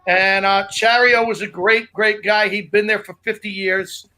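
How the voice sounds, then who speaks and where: A man's voice: high voice, level tone, unhurried, pushed and bright. A man co-hosting a podcast, a comedian telling loose, rambling stories in casual chat. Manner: loose, rambling storyteller with restarts.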